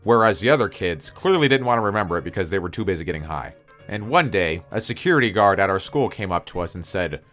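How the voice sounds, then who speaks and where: A man's voice: on the low side, animated, fast talker, a bit bright, soft background music. A young man telling a personal story in a casual, crude, joking way with mock-spooky flourishes.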